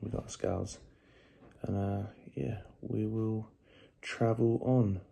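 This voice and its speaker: A man's voice: fairly low pitch, fairly even intonation, takes it slowly, vocal fry, dark tone, slightly rough. A young man vlogging casually while tired after no sleep, rambling loosely with fillers and swearing. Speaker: bodybuilder vlogger. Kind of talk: casual vlog chat.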